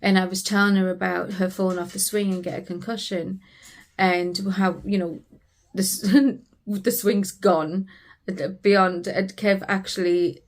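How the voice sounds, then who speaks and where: A woman's voice: mid-range voice, level tone, measured pace. A British woman, a family vlogger, earnestly retelling a frightening family emergency in a personal storytelling vlog.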